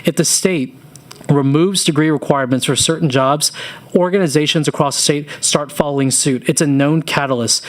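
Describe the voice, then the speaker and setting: Earnest, fairly high-voiced man testifying. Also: steady tone, normal speed. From Louisiana. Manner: earnest storytelling, informal asides. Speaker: business owner testifying. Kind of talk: public testimony at a committee hearing.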